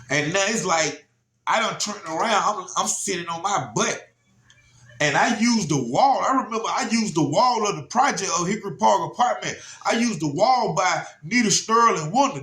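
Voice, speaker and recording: A man with a drawl tells a story in an easy, lively way, checking in with his listener as he goes. His voice sits a bit high for a man. The room around him rings with a noticeable echo. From Georgia, US. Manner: animated, repeats "you know what I'm saying". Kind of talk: casual spoken storytelling. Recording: roomy echo.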